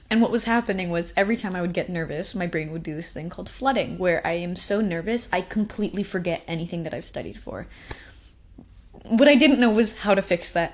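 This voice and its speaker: A young woman telling personal stories in a casual, animated way, laughing often and poking fun at herself. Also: lowish voice. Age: young adult. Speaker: speaker sharing personal stories. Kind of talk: casual storytelling talk.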